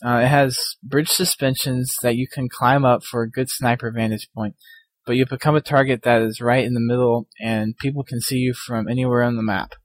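A man's voice: medium pitch, flat delivery, fairly quick, no room sound. A young man co-hosting a casual gaming podcast, reading listener emails in a laid-back way. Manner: laid-back, laughs often. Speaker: podcast co-host.

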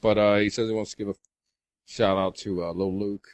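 A man with a lowish voice reads listener mail on a casual gaming podcast. He stumbles and restarts as he goes. The recording is dry and close. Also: steady tone, no echo. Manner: reads haltingly with restarts and chuckles. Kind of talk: casual chat, reading letters aloud.

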